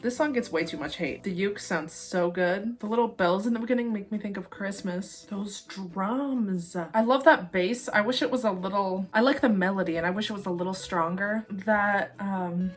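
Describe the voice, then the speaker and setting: A woman's voice: medium pitch, normal speed, faint music behind. A woman in her thirties reacting to an album, chatty and gushing, with lots of fillers. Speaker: music reaction vlogger. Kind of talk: casual album reaction commentary.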